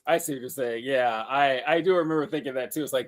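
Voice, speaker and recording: A man's voice: a little high, expressive, fairly quick. A man co-hosting a casual film discussion podcast, loose and profane, reading quotes aloud from time to time. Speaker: podcast co-host. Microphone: podcast mic, streamed call.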